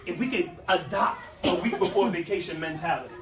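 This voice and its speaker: A man giving an animated, folksy motivational talk with a preaching flavor to a small audience. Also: high-pitched, a little fast, crowd noise. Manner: animated, folksy, with vernacular asides and repeats. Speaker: speaker at a youth life-skills session. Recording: echoey room, mic at a distance.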